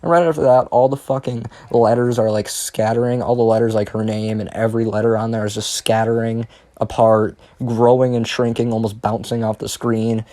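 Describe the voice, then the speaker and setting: A man's voice: medium pitch, little pitch movement, a little fast, warm tone, dry recording. A young man telling a casual storytime monologue, rambling and profane, with frequent restarts. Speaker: storyteller vlogger.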